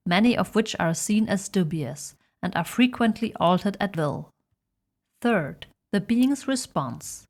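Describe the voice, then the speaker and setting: A woman with a mid-range voice narrates a scripted explainer. Her delivery is measured and dramatic, like a storyteller. The reading is even and deliberate. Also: medium pitch.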